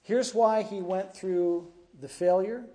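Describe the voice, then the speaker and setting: A man's voice: high-pitched, takes it slowly, dark tone. A man, a pastor, preaching through a scripture passage and often checking in with his congregation with "huh?" and "right?". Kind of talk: expository sermon.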